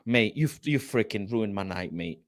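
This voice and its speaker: A man hosts a football channel, ranting in a casual live stream. He swears, reads things aloud off a screen and keeps breaking into loud mock outrage. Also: on the low side, unhurried. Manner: animated, exasperated, swearing, shouting in mock outrage.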